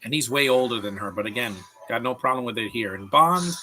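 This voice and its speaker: A man's voice: medium pitch, animated, a little fast, pushed and bright. A man giving live commentary over a film, opinionated and rambling, often restarting his sentences as he rants.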